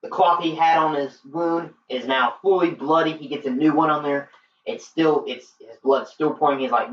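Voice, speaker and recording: A man's voice: on the high side, moderate pace, a little hiss or hum. A man giving a casual film review, retelling the plot in a rambling way and filling his talk with "like". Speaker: movie reviewer. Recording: roomy, distant, dull lo-fi sound.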